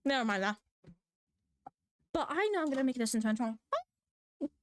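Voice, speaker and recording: A woman, a manga artist, chatting in a rambling, playful way while she draws. She giggles, mocks herself and breaks into squeaky exclamations, speaking into a desk microphone at home. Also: sing-song, a little fast, a little hiss or hum. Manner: giggly, scatterbrained, playful, self-mocking. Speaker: manga artist drawing on stream. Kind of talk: rambling casual chat while drawing.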